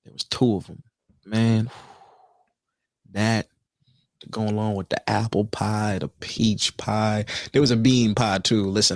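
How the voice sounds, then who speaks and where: A man in casual podcast banter who tells stories with lively swings of pitch and voice, jumping high to imitate relatives. The sound is dry and close to the mic. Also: no echo. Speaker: podcast co-host.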